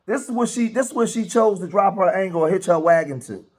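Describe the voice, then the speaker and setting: A man hosting a casual commentary, talking in an animated way, restarting phrases and asking rhetorical questions. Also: high-pitched, fast. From grew up in a rough city neighborhood. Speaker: commentary host.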